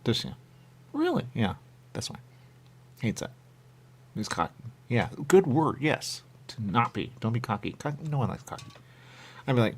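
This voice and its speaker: A man's voice: mid-range voice, very animated, moderate pace, long pauses, husky. A man rambling and joking in loose banter as a radio show host, repeating catchphrases. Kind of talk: loose banter among co-hosts.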